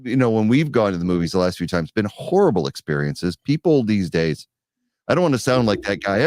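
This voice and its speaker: A man co-hosting a podcast in casual chat, animated and quick to laugh. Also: on the low side, dry recording, studio quality. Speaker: podcast co-host.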